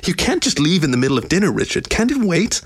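A man voicing a sharp-tongued adult lioness in a storybook reading, clipped and scornful. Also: on the high side, big pitch swings, quick pace, slightly rough, pitched above the performer's own voice. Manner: clipped, scornful, rising when angry.

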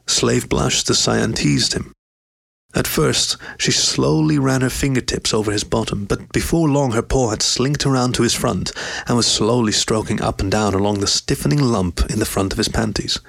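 A man reading a story aloud in an even, steady narration. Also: mid-range voice, normal speed, gravelly. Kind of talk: scripted narration.

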